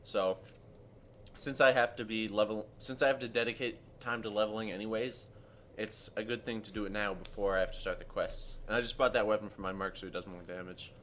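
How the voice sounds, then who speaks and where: A man giving casual commentary on his own game speedrun, explaining mechanics in a relaxed way while eating. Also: lowish voice, a little fast, a little hiss or hum.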